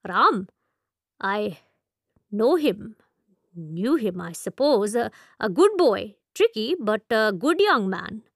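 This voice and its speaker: For an audiobook, a woman narrator performs an older, talkative Indian shopkeeper, a wry man with a genial, rambling way of talking. Her exaggerated voice is medium-pitched, very animated and slow, his phrasing formal and old-fashioned. The recording is close and dry, with no room sound.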